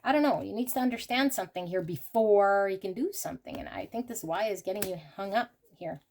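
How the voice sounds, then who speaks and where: A woman's voice: mid-range voice, darkish tone, a little hiss or hum. A woman giving a pick-a-card tarot reading to her viewers, talking emphatically with rants and many "okay"s. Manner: emphatic, ranting, rapid asides; frequent fillers like "okay" and "here". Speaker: tarot reader. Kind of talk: intuitive tarot reading to camera.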